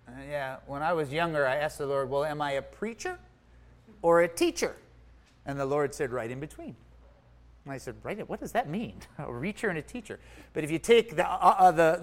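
A man telling his story in a sermon, acting out his own thoughts and swinging from loud to hushed. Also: a little high. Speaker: preacher. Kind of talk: sermon testimony.

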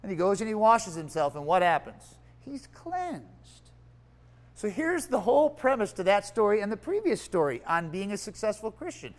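Preacher giving a sermon, playful and animated, with a very expressive, swooping voice. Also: mid-range voice, normal speed. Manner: animated storytelling, playful asides. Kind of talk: sermon with scripture reading.

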